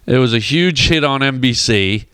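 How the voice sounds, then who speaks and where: Smooth-voiced man telling a story. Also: medium pitch, normal speed, no room sound, studio quality. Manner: animated storyteller who acts out quoted voices. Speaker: guest comedian. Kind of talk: casual anecdote on a radio talk show. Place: radio studio. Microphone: studio microphone.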